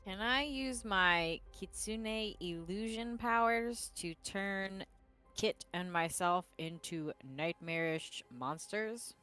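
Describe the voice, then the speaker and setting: A woman's voice: mid-range voice, takes it slowly, sharp tone, clear, resonant tone, faint music behind. A woman playing in a tabletop role-play game, talking in a playful way. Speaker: player.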